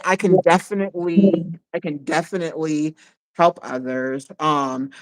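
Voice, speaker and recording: Man, higher register, casual guest in a live talk, excited, halting, lots of restarts. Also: low-quality recording. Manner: excited, halting, repeats words while thinking. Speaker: psych nurse guest.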